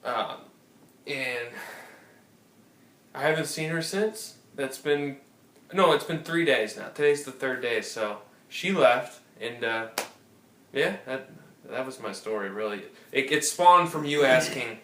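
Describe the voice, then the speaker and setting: A man hosts a casual podcast and tells a long, rambling story, cursing freely and restarting his sentences. His voice sits at an ordinary middle pitch. He sounds a bit away from the mic, which is likely a phone or tablet, in a roomy apartment that echoes. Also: expressive, takes it slowly, bright, forceful tone, recorded from a distance. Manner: rambling anecdotes with profanity and restarts. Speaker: podcast co-host. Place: apartment room. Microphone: phone or tablet recording.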